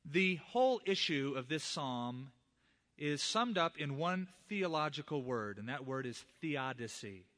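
A man's voice: on the high side, expressive, a little slow, a bit bright. A middle-aged man, a pastor, preaching a sermon and earnestly addressing the fathers in the congregation.

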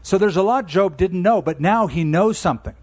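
A man in his sixties preaching with a somewhat high voice. He talks to the congregation in an easy, conversational way, then leans hard into the words that matter and slows right down on them. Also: animated. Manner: emphatic, conversational preaching with slowed key phrases. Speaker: pastor. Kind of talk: sermon.

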